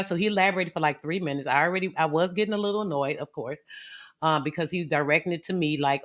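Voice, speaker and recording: A woman tells a story straight to her viewers in an animated, slangy vlog style. Her delivery swings between quiet asides and loud, punchy lines, and she leans hard on emphasis. She sounds casual and unscripted throughout. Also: lowish voice, quick pace. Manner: animated, slangy, lively retelling.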